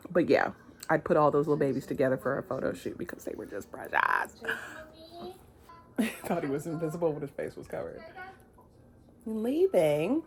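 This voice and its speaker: Casual woman vlogger with a lowish voice, animated and chatty, talks with her mouth full at times. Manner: chatty and animated, laughs often; eating while talking. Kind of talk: casual vlog chat.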